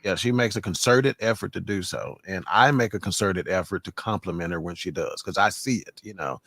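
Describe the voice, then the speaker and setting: A man's voice: low voice, a little fast, fairly bright tone, no echo. A man hosting a casual panel discussion on a live stream, moderating with jokey asides. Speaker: host.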